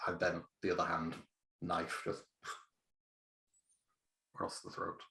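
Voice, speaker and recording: A man with a deep, low voice playing a tabletop role-playing game. He thinks aloud as he describes what his character does, with plenty of fillers and restarts. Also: monotone, slow pace, creaky, sharp tone. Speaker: player.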